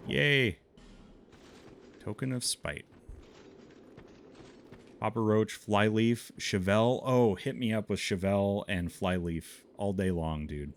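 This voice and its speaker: A man's voice: on the low side, takes it slowly, long pauses, a little hiss or hum. Man with a Minnesotan accent, streamer type; laid-back pace, easy laughs, chats with viewers between plays. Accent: Upper Midwestern (Minnesotan). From Montana, USA. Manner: chatty, answers chat while playing, laughs often. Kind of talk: casual gameplay commentary.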